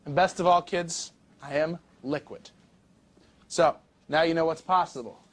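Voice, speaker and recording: An actor playing a brash wealthy man in a film clip, boasting with a swaggering, salesman-like pitch to a group of young recruits. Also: fairly even intonation, measured pace, fairly bright tone. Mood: boastful.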